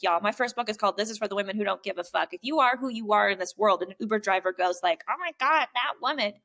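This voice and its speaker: A woman's voice: a little high, vocal fry, a bit bright. A woman guest on an interview podcast, talking candidly and animatedly, swearing freely and acting out what people said. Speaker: podcast guest, poet and coach. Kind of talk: casual conversational interview. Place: lives in a small coastal town in California.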